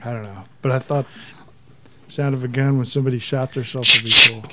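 A man's voice: mid-range voice, little pitch movement, a little fast, very noisy. A man co-hosting a podcast, making crude jokes, often mumbling and trailing off. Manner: mumbling, trailing off, joking asides. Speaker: podcast co-host. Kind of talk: crude casual banter.

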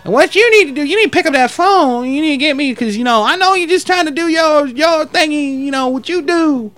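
A drunk old man, around eighty, jabbing and yelling profane demands, as a man acts him out. He sits very high in pitch and swears at every turn. It is a rough, combative voice in a comic retelling. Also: a little fast. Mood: angry ranting.

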